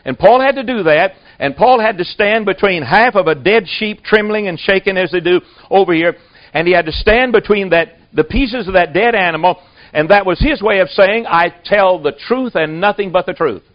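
A man with a fairly high voice preaching a sermon, telling stories in a plain folksy way. The recording is dull and lo-fi, with muffled highs. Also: normal speed. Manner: folksy storytelling.

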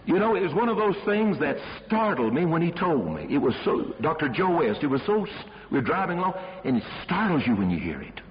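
Brief: dramatic male preacher, high animated voice, reverberant hall. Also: fairly quick, few pauses. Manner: dramatic, emphatic storytelling. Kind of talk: sermon storytelling. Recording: dull sermon recording with long hall reverb.

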